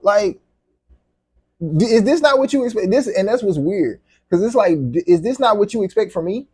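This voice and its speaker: A man's voice: sits high, very animated, normal speed, a little mellow, slightly rough, no room sound, studio quality. A man vlogging to camera, venting in a heated, profane, repetitive way.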